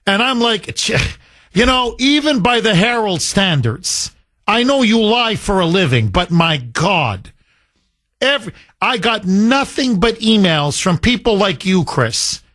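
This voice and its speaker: A man's voice: sits high, very animated, measured pace, fairly bright tone, no room sound, clean studio sound. A male talk radio host, emphatic and sarcastic, taking calls from listeners. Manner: emphatic and sarcastic, mocks opponents with sing-song voices. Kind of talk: opinionated talk radio monologue.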